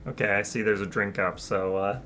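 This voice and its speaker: A woman's voice: extremely low pitch, steady tone, fairly quick, fairly bright tone. A woman giving casual game commentary with offhand, joking asides. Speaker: gaming streamer.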